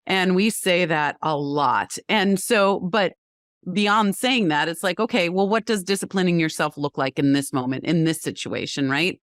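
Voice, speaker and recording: A woman's voice: on the low side, dry recording, clean studio sound. A woman appearing as a parenting coach on a podcast, giving earnest advice. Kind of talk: interview answers.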